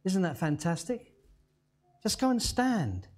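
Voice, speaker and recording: A male pastor preaching a sermon, telling a story dramatically and slowing to a hush on key words. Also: high-pitched, huge pitch swings, noisy background.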